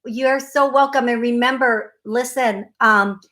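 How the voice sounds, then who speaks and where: Effusive psychic host, high voice. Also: female voice, unhurried, fairly bright tone. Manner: effusive, emphatic, repeats phrases. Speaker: psychic medium radio show host. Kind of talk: call-in psychic reading.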